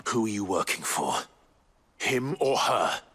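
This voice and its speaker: A man voicing a grim, stern male swordsman in a video game, speaking in a measured, formal way. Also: fairly low pitch, very animated. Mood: steady. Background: game soundtrack music.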